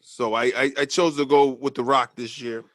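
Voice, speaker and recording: A man's voice: medium pitch, steady tone, normal speed, fairly bright tone. Joking man on a casual podcast. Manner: laughs often, swears, loose and joking. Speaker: podcast co-host.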